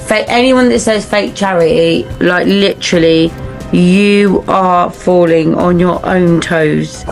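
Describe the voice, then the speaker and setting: Slow gravelly scornful woman. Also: lowish voice, darkish tone. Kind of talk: casual self-recorded rant.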